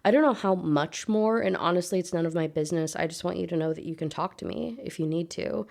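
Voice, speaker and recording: A woman reading aloud the part of a teenage girl who is confiding in her best friend, in a soft, low voice. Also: quick pace, gravelly.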